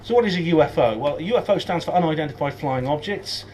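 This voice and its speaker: A man's voice: a little high, lively intonation, fast, darkish tone, a little hiss or hum, poor audio. A Welsh-born man who has lost his Welsh accent, giving a talk to a live audience in a pub function room, hesitant with many ums and joking asides. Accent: English, lost Welsh accent. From Wales. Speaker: guest speaker.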